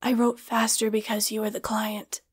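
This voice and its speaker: A woman voicing the weary ghost of a male author, speaking faintly and flatly in an audiobook story. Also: on the high side, normal speed, husky. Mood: hollow.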